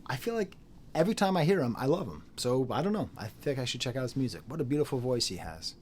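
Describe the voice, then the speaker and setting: Casting: young adult male record reviewer, lively and joking, mid-pitched, faint background noise. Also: fast. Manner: animated, jokey, laughs and mimics voices; sings and beatboxes drum patterns. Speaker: music reviewer. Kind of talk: casual album review.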